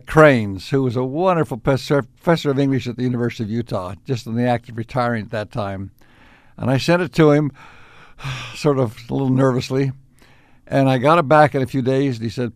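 An older man being interviewed, telling reflective stories in an unhurried, anecdotal way with chuckles. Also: mid-range voice, dry recording, studio quality. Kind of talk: reflective storytelling.

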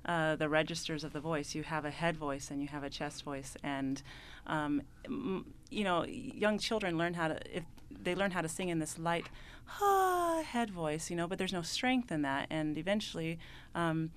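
A young adult woman who studies singing explains head and chest voice on a radio show. She talks earnestly and pauses to find her words, her voice sits a bit low, and a faint ambient hum runs underneath. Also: fairly even intonation. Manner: earnest, explanatory, halting at times. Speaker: voice student and mezzo-soprano. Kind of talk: radio interview guest.

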